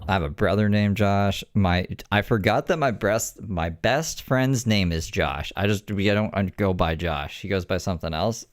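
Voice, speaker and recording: A man's voice: fairly low pitch, moderate pace, hardly any pauses, no room sound. A man, a streamer, chatting casually with dry, teasing banter. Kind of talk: casual chat.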